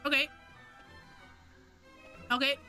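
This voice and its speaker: A woman's voice: slow, pushed and bright, soft background music. A woman streamer chatting casually and self-mockingly over a game she plays. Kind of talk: casual let's-play commentary.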